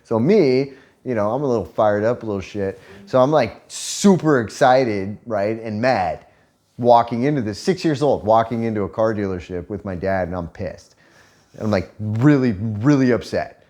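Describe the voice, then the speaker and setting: A man's voice: lowish voice, normal speed, darkish tone. A man telling a story in casual, profane chat, laughing often as he talks. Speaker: vlogger telling a story to his partner.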